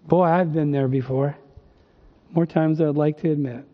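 High-voiced man preaching a sermon. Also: fairly even intonation. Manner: emphatic, rhetorical questions, slows down on quoted verses. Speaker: pastor. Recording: dull sound with long reverb.

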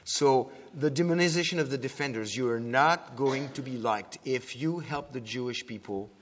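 A man's voice: mid-range voice, normal speed, a little hiss or hum. Man teaching in an echoing hall. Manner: conversational, self-correcting, animated retelling. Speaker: speaker at a church teaching. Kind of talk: sermon-style teaching talk. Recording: dull lo-fi recording in a reverberant hall.

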